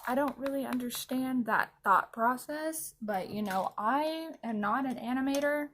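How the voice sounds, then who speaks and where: A woman's voice: sits high, measured pace, fairly bright tone, a little hiss or hum. A woman vlogger chatting casually while doing her makeup at home, rambling and laughing often. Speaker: anime vlogger.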